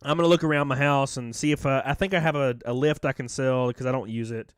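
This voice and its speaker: A man hosting a live stream in a loose, rambling chat, swearing casually as he jokes and thanks his viewers. His voice sits at an ordinary middle pitch. The sound is close and dry, with no room echo. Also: steady tone, quick pace, smooth.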